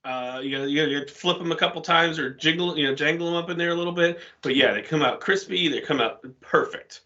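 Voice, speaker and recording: A man with a fairly high, bright voice co-hosts a podcast in easygoing casual banter. He explains things at a relaxed, chatty clip. The audio is dull and lo-fi. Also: fast talker. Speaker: podcast co-host.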